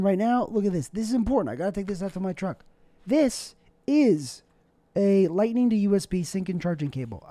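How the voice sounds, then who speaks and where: A man's voice: sits high, mellow, no echo. A young man hosting his own show, rambling casually from his bedroom at home, joking and putting himself down. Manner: rambling, self-deprecating, jokey. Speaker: show host. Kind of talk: casual solo vlog monologue.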